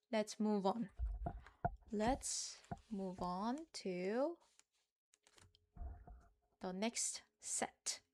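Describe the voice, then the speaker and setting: A woman's voice: fairly high pitch, a little mellow, a little hiss or hum. A woman, teaching a live lesson in English and patiently repeating each word for learners. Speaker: Korean language teacher. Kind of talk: live online Korean lesson.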